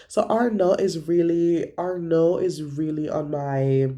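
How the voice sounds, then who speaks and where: A man's voice: a little high, measured pace, mellow. A young man vlogging about his week in a gossipy, profane way, acting out what friends said. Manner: gossipy, profane storytelling with acted-out quotes. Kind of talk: casual chat.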